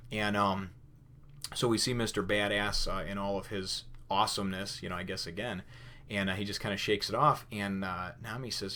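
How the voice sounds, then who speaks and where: A man's voice: lowish voice, a little fast, a bit bright. A man casually recapping a comic chapter and commenting on it, rambling with frequent fillers and restarts, and sometimes acting out characters' lines. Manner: rambling, lots of "you know" and restarts; loosely acts out characters' lines. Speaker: manga reviewer.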